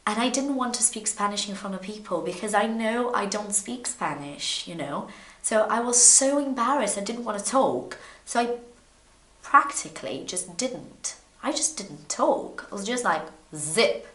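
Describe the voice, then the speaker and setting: A woman with a fairly low voice, a native Portuguese speaker, teaches English in a casual video lesson. She's chatty and animated, repeating words when she restarts a sentence, and the room sounds echoey.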